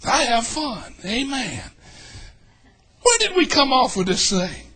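Man, Southern US accent, pastor, sermon, very high voice, husky, exuberant shouting. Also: sing-song, takes it slowly. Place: church sanctuary.

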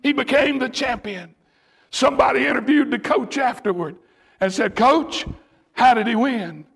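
A male preacher delivering a sermon, shouting in bursts as he tells a story. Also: very high voice, moderate pace, vocal fry, slightly rough.

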